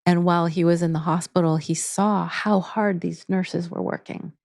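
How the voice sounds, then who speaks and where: A woman's voice: lowish voice, steady tone, normal speed, creaky, a little mellow, dry recording, studio quality. A woman guest in a podcast interview, talking earnestly about her teaching with frequent restarts. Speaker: guest, integrative therapy teacher. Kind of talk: casual interview talk.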